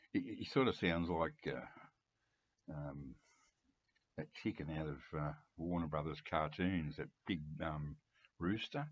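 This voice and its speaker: An Australian man in his seventies, rambling chattily with chuckles and throat-clearing in a lo-fi home recording. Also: very deep voice, slow, long pauses, no echo. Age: 70s. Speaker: music collector video host. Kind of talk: casual rambling monologue to camera.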